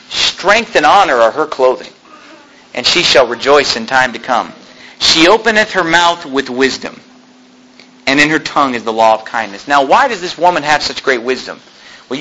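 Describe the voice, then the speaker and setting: Animated, high-voiced male preacher. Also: a little hiss or hum, low-quality recording. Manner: animated, folksy preaching with asides and self-deprecating humor. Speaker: pastor. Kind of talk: sermon.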